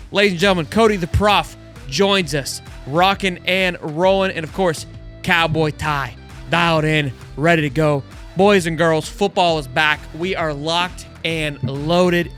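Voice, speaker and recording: A man's voice: fairly high pitch, fairly bright tone. A man hosting a sports talk show, opening with emphatic hype-man energy. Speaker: host.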